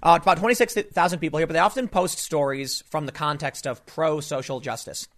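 A man's voice: on the high side, fairly quick, a bit bright. A man delivering a casual political opinion monologue to camera, rambling with frequent restarts and fillers. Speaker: political commentator.

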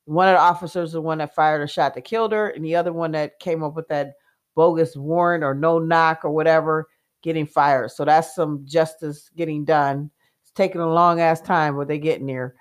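A woman, co-hosting a casual chat and telling stories in an animated way, with fillers and laughs. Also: sits low, moderate pace. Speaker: co-host.

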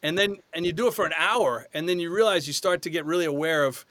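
A man's voice: a little high, quick pace, fairly bright tone, no room sound. A man from New York, guest actor on a casual podcast interview, telling chatty, self-deprecating stories.

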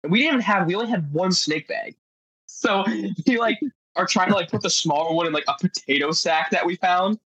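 A man's voice: high-pitched, fairly quick, breathy edge, dry recording, poor audio. A man guest on a podcast telling adventure stories in a casual, rambling way, full of "like" fillers. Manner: rambling, heavy use of "like" fillers; animated storyteller.

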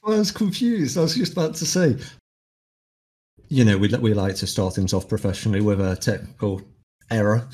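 A man's voice: lowish voice, animated, normal speed, mellow. Easygoing young man on a podcast. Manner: easygoing, laughs often. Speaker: podcast co-host. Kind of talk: casual podcast chat.

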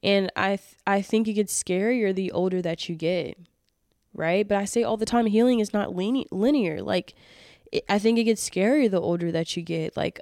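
A woman's voice: mid-range voice, moderate pace, darkish tone, no echo. A woman in her late twenties hosts a solo podcast, talking straight into a close mic with a dry, unroomy sound. She talks in a mid-range voice, earnest and emotional. Her thoughts come with fillers, restarts and repeated words. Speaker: podcast host.

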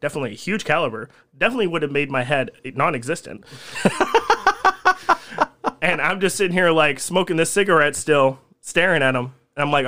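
A fairly high-voiced man, spinning a story as a podcast guest. He talks in an animated, profane way and laughs often at his own telling. It is loose, casual chat. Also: fairly quick.

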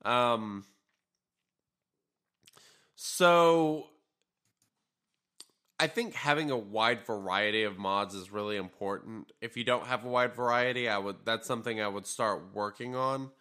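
A man's voice: on the low side, a little slow, pauses often, clean tone. A man co-hosting a gaming podcast, talking casually and loosely with lots of fillers and some tired yawns. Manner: relaxed, rambling, frequent fillers. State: tired, yawning. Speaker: podcast co-host.

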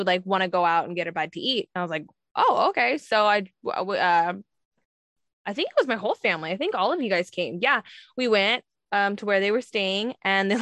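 A woman's voice: mid-range voice, fairly bright tone, no echo. A woman talking casually about being a surrogate. She laughs often and acts out what other people said. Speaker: surrogate mother telling her story. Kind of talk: casual storytelling chat.

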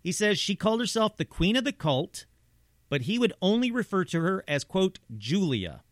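A man's voice: sits high, very animated, normal speed, no echo, clean studio sound. A man narrating paranormal stories in a conversational way, with asides and rhetorical questions. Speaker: host. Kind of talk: true-crime style narration.

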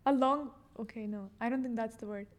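A woman's voice: fairly high pitch, fairly quick. Giggly young woman, stumbling chatter. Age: young adult. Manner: giggly, stumbling over repeated words. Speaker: podcast guest. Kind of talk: casual chat.

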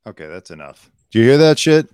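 A man's voice: mid-range voice, very animated, fast talker, a little mellow, clean tone, no echo, clean studio sound. A man hosting a casual comedy podcast, joking and sarcastic, swearing freely. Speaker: podcast host. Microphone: desk mic with headphones.

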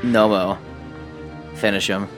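A man's voice: on the low side, little pitch movement, slow pace, over music. A man narrating a tabletop game as game master, casual and profane, often laughing.

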